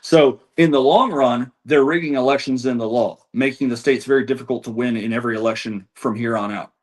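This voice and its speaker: A medium-pitched man talks a little fast while answering interview questions as an election data analyst. He reels off figures and frequently starts his sentences over.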